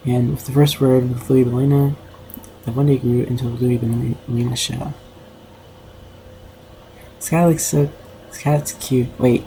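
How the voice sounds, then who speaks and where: A man's voice: mid-range voice, vocal fry, mellow, slight background noise, low-quality recording. A young man streaming casually, rambling and self-conscious with lots of filler words. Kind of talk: casual livestream commentary.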